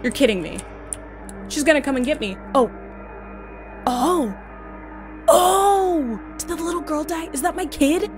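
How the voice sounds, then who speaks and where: A young woman streams a horror game let's play, jumpy and talking back to the game, often exclaiming and swearing at it. Her voice sits high and animated, at normal speed with long pauses, over game music.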